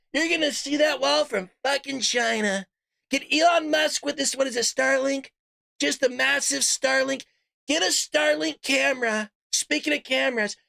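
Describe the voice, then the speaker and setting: A man's voice: very high voice, gravelly, pushed and bright, dry recording, clean studio sound. A man hosting a casual political commentary show, ranting, swearing and laughing often. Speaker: podcast host.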